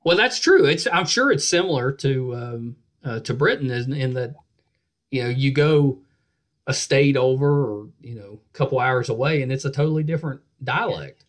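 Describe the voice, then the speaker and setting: A middle-aged man hosting a casual podcast interview, chatty and quick to laugh. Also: medium pitch, animated. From West Virginia. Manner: chatty, laughs often, repeats words. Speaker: podcast host.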